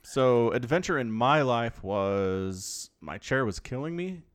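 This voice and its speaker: A man co-hosting a podcast, talking casually with a sarcastic, animated delivery. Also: takes it slowly, clear, resonant tone. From not Australian. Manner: animated, sarcastic, jumps high in pitch for emphasis. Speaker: podcast co-host. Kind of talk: casual chat.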